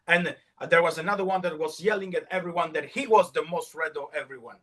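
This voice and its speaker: Italian-accented man, storyteller, husky, slightly high voice. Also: a bit bright. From Italy. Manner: mixing Italian phrases, halting restarts. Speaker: kamishibai storyteller.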